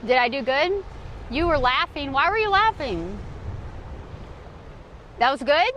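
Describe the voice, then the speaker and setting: A woman's voice: high voice, very animated, measured pace, fairly bright tone, highs cut off, slight background noise. A woman livestreaming outdoors on a beach by a port, chatting casually in a giggly, rambling, self-mocking way. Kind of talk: casual live stream chat.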